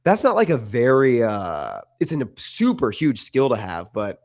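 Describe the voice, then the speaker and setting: A man's voice: medium pitch, huge pitch swings, normal speed, a little mellow. A man co-hosting a casual sports podcast, opinionated and full of restarts and "like"s. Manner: opinionated, restarts often, many likes. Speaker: podcast co-host.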